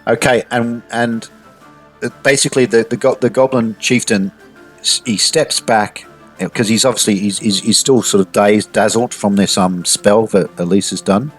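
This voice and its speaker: A man's voice: fairly low pitch, fairly even intonation, normal speed, faint music behind. A man narrating as game master of a tabletop game, hesitant, with frequent restarts. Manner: hesitant, with many restarts and "sort of".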